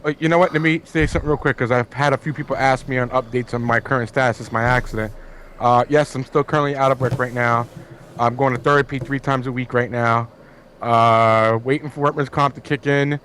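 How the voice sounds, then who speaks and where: A man's voice: mid-range voice, steady tone, a little fast, fairly bright tone, a little hiss or hum. Blunt, cursing man on a voice call. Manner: blunt, profane. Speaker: co-host. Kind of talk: casual online show chat.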